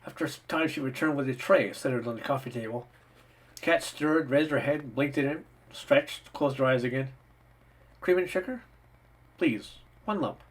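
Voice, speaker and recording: Brief: male audiobook narrator, husky voice, middle pitch, steady and even. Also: fairly quick, rough recording. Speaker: audiobook reader.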